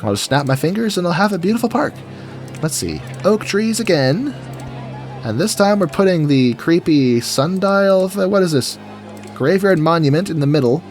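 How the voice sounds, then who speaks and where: Soft music plays behind a gaming creator whose voice sits high and sounds expressive. Speaking at a moderate pace, he builds in a game and keeps up goofy, casual chatter to himself.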